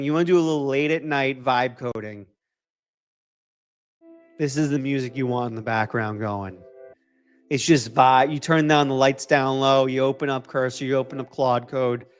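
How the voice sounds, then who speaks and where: A man's voice: medium pitch, clear, resonant tone. A man from New York with a mixed New York and Boston accent, chatting casually as a livestream host, upbeat and prone to repeating himself while answering viewers. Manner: upbeat, repeats phrases, answers chat comments.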